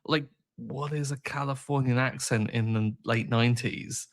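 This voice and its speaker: A man co-hosting a podcast, chatting casually about a film with animated, exaggerated outrage and rambling asides. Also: medium pitch, normal speed. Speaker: podcast co-host.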